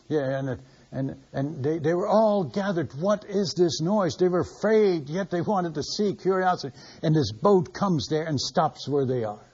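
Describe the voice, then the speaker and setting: A man's voice: a little high, darkish tone, husky. An older man, a missionary preacher, telling a story in a sermon. He speaks animatedly, repeats words and acts out the dialogue. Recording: muffled lo-fi recording.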